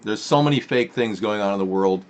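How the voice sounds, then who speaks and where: A man's voice: fairly low pitch, a little fast. A man hosting a live-stream political talk show in a rambling, sarcastic manner. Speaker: host.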